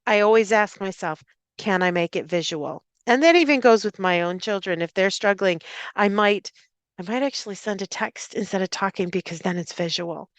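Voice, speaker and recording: A middle-aged woman with an Irish accent, a speech and language therapist giving a live talk to parents and educators, explaining clearly with frequent fillers and restarts. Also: medium pitch, normal speed, no echo. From Ireland. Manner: acts out example phrases in a lifted voice.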